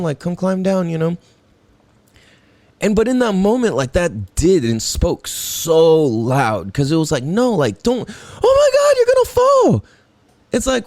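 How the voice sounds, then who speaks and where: A young man rambles through a casual solo podcast monologue, swearing freely and laughing at his own tangents. His voice sits high with a darkish tone, and the recording is dry.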